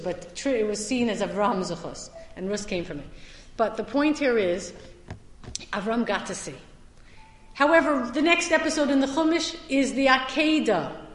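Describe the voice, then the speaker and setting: A woman teaching a Torah class as a summer lecture, stressing some points loudly and dropping into quiet asides. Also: mid-range voice. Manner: emphatic, swings between loud stresses and quiet asides. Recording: echoey hall with long reverb.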